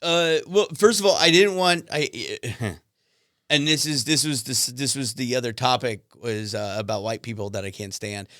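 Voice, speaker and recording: A middle-aged man co-hosting a podcast, teasing, quick to laugh and blunt with his opinions. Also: medium pitch, a bit bright, dry recording, studio quality. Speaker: podcast co-host. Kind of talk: casual chat.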